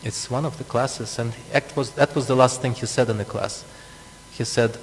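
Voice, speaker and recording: Here a man's medium-pitched voice holds a steady tone at a moderate pace as he preaches scripture, often chuckling and wandering into asides. The temple hall setting gives a long reverb, with a faint hum underneath.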